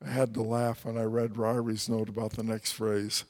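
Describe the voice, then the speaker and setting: A man's voice: lowish voice, little pitch movement, normal speed, darkish tone. A man teaching through a Bible passage in a conversational way, with wry, folksy asides.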